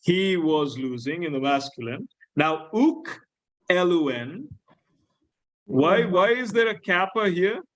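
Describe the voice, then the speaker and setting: A man lecturing a class on Greek grammar, slowly repeating key words and asking his students questions. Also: sits high, animated, fairly bright tone, poor audio. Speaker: Greek teacher.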